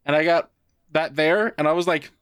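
A young man co-hosting a podcast, telling a story in an animated, swearing, casual way. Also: on the high side, moderate pace, smooth, dry recording, clean studio sound. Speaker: podcast co-host. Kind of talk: casual chat.

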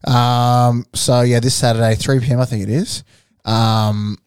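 A man's voice: medium pitch, level tone, measured pace, a little mellow, clear, resonant tone, dry recording. A young man in casual studio chat, laid-back and teasing his co-host in a dry way. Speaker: podcast co-host.

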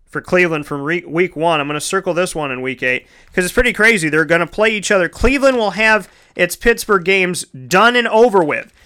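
A man's voice: high-pitched, bright, forceful tone, clean tone. A man hosting a casual solo sports talk show, chatty and rambling, correcting himself mid-sentence and calling his listeners folks.

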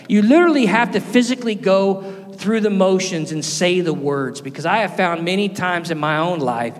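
A man preaching a sermon, earnest, rising to loud emphasis and dropping to soft, quiet lines. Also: high-pitched. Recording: long hall reverb with faint music.

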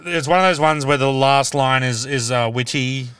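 Aussie guy hosting a podcast in a car, rambly and laughy, smooth clear voice, dry sound. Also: mid-range voice, normal speed, fairly bright tone, no echo. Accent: Australian. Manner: chatty, rambling, laughs often. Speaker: podcast host. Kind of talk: casual chat. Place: inside a car.

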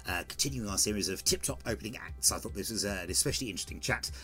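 A man hosting a comedy podcast, reading a friendly scripted intro at a brisk clip with a few "uh"s along the way. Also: on the low side, pushed and bright, faint music behind. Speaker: podcast host and MC.

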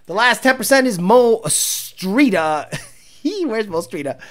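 A woman hosting a casual livestream as a car tuner, profane and animated, laughing often. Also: mid-range voice, normal speed. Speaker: car tuner and stream host.

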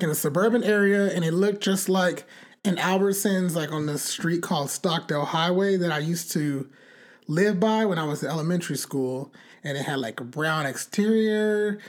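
A young woman in casual chat, telling a long story in a rambling, animated way, full of fillers and cussing. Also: lowish voice.

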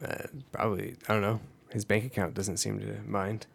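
A man co-hosting a podcast in loose, casual chat, his voice gravelly and fried. It sits rather low, and his banter comes out dry and laid-back. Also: flat delivery, normal speed. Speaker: podcast co-host.

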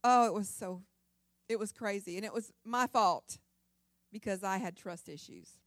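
A woman's voice: mid-range voice, moderate pace, no echo, clean studio sound. A middle-aged woman giving a church testimony, telling her story in a dramatic, emphatic way. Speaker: church speaker. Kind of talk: sermon testimony.

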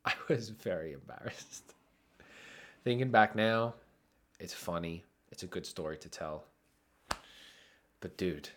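Low-ish guy, kinda sick, telling a story on his podcast, voice jumps all over the place, laughs a lot. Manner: animated, laughs through his own story. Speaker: podcast host. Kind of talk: casual storytelling monologue.

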